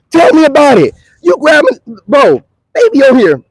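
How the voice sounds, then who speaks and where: A man's voice: very high-pitched, wildly swooping pitch, a little slow, no room sound, low-quality recording. A young man ranting to the camera in a taunting, profane, mocking manner. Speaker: online video creator.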